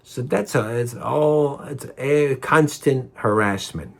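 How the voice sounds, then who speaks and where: A man's voice: mid-range voice, slow, gravelly. A man telling a personal story in a heated, rambling way, repeating himself and swearing.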